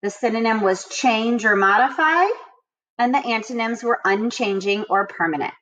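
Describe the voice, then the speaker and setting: A woman teacher reading vocabulary words, definitions and example sentences to children, and repeating the sentences slowly and with emphasis. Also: fairly high pitch, a bit bright. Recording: dull lo-fi home recording.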